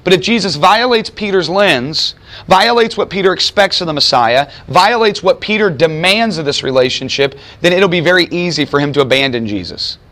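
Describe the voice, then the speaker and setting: Before a student audience in a chapel or lecture room, a man preaches at normal speed in a high, bright, expressive voice with a forceful tone. He keeps it conversational and emphatic, voicing quoted figures.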